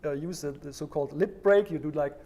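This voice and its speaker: A man's voice: fairly high pitch, fairly quick, a little mellow. A man presenting a health livestream, explaining stress relief and talking listeners step by step through a breathing exercise. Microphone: livestream microphone.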